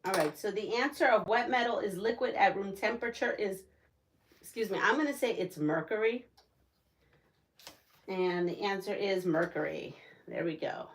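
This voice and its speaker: A woman's voice: medium pitch, moderate pace, pauses often, slight background noise. A woman vlogger chatting casually and rambling as she works on a quilt, laughing at her own tangents. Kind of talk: casual chat while quilting.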